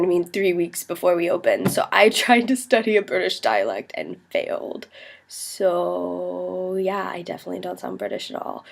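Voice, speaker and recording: A woman's voice: fairly low pitch, moderate pace, creaky. A young woman from America, a university student, chatting to the camera in a self-mocking way while getting over a cold. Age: young adult. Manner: chatty, self-mocking, animated quoted voices. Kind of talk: casual chat to camera.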